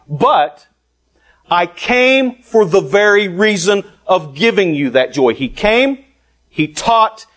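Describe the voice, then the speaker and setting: A male preacher delivering a sermon in a fairly high voice. He speaks slowly and deliberately, pausing often and stressing his points. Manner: deliberate, emphatic preaching with long pauses.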